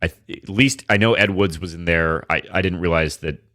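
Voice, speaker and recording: A man's voice: deep voice, moderate pace, pushed and bright. A man co-hosting a sports podcast, rambling casually with frequent restarts and swearing. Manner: laid-back, profane, rambling with restarts. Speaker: podcast co-host.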